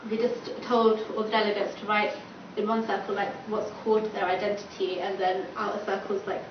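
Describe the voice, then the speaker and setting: A woman's voice: mid-range voice, little pitch movement, brisk. A young woman campaigner giving a chatty panel talk, full of "like" and acted-out quoted dialogue. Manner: chatty, filler-heavy, acts out quoted dialogue. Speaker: student campaigner. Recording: distant, echoey, dull and noisy room recording.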